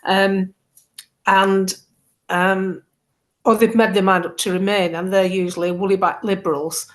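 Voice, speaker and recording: A woman's voice: mid-range voice, unhurried. A middle-aged woman, chatting casually as a guest and acting out the quotes in her stories. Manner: animated storyteller, acts out quotes. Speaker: political campaigner, guest. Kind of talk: casual chat.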